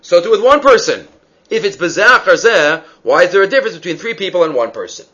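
A man's voice: sits high, very animated, fast talker, muffled recording, noisy background. A man giving a Talmud study lecture, explaining step by step and asking and answering his own questions. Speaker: Talmud teacher.

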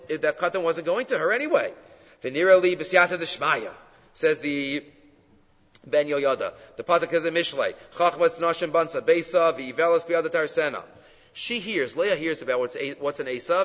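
A man teaching a text study lesson in an animated way, often posing rhetorical questions. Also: fairly high pitch. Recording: dull lo-fi sound with long reverb.

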